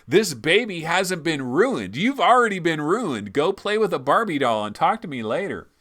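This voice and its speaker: A man voicing a brash three-year-old kid who boasts and taunts in a cocky, excited way. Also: a little high, normal speed. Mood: boastful.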